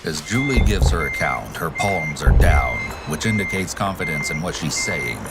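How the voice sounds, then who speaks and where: A man giving measured, scripted narration of a true-crime case. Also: very deep voice, expressive, over loud music.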